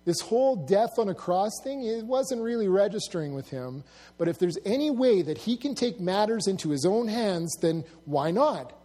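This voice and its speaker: A man's voice: high voice, expressive, moderate pace, dark tone. A man giving a casual Bible teaching, musing aloud with asides and acted-out quotes.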